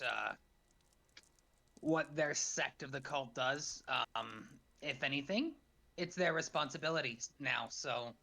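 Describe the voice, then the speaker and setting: Male player, gravelly and bright, dry offhand delivery. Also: medium pitch. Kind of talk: casual tabletop play.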